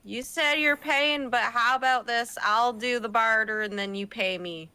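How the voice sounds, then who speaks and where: A woman playing a tabletop game over an online call, deadpan and joking in casual chat. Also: fairly high pitch, a little slow, smooth, rough recording. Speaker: player.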